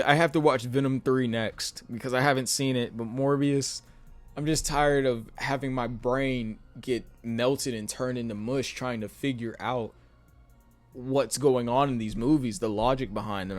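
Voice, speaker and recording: A man's voice: medium pitch, no echo. Weary rambling man, dry close sound. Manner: rambling, weary, many fillers and restarts. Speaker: YouTube movie reviewer. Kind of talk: casual spoken film review.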